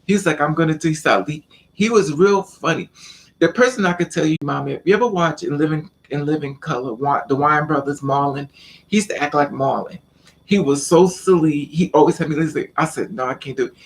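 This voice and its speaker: Guy vlogging a story from his life, kinda high voice, stammers and repeats a lot, acts out the quotes. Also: fairly quick, slight background noise. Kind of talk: casual personal storytelling.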